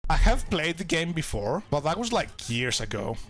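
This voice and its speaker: Playful streamer woman, lively. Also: sits low, moderate pace. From Greece. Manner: playful, silly, giggly. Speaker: VTuber streamer. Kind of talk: casual gaming livestream chat.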